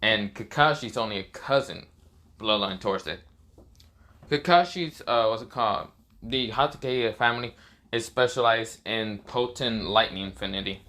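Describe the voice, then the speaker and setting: A man's voice: fairly low pitch, normal speed, pushed and bright. A man narrating a fan story casually, rambling and swearing, with many fillers.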